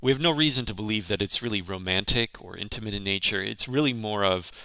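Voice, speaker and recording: A man's voice: on the low side, quick pace, vocal fry, pushed and bright, no echo. A man teaching a literature lesson, explaining a poem line by line in a thoughtful way, with frequent ums and restarts.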